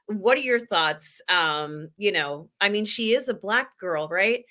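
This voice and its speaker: Bright-voiced chatty woman host. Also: mid-range voice, animated, unhurried. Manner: rambling, chatty, many fillers. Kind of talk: casual pop culture chat.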